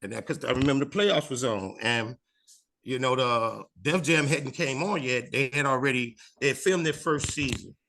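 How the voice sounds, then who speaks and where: A comedian with a Chicago accent tells a story in an animated, lively way and keeps jumping into the voices of the people in it. His voice is gravelly, with a bright, forceful edge. He sounds like a man in his fifties, talking loosely in a sit-down interview. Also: mid-range voice, moderate pace.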